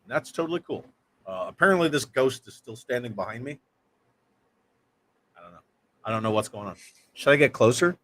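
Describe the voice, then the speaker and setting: A man's voice: medium pitch, expressive, brisk, long pauses, a bit bright. A man hosting a casual livestream, reading viewer comments aloud and joking around. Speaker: livestream host.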